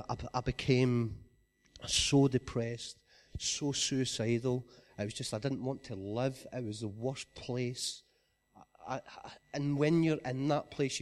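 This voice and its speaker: A man with a Scottish accent giving an earnest personal testimony, often dropping to a quiet voice. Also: medium pitch.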